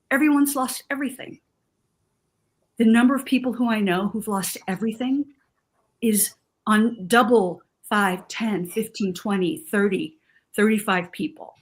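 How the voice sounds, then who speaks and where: A woman from Southern California giving a vivid, emotional account in conversation, acting out the lines of the people in her story. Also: a little high. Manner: vivid storyteller, acts out quotes.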